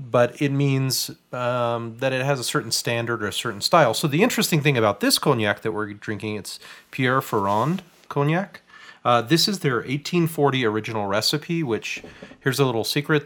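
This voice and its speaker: A man hosting a podcast as a spirits writer, explaining drinks in a relaxed, chatty way with plenty of fillers. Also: medium pitch, moderate pace. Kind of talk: casual tasting chat.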